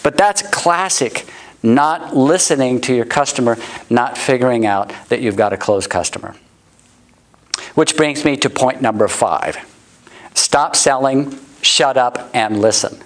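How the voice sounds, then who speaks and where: A middle-aged man giving a sales training talk, acting out customer quotes in high voices. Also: unhurried, low-quality recording. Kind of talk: motivational sales talk to a live audience. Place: warm indoor room.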